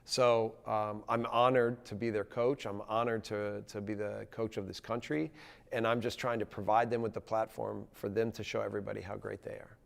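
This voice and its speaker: Earnest American coach with a gravelly voice. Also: male voice, fairly low pitch, level tone, long reverb tail. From United States. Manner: earnest, halting with frequent restarts. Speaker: national soccer team coach. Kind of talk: TV news interview.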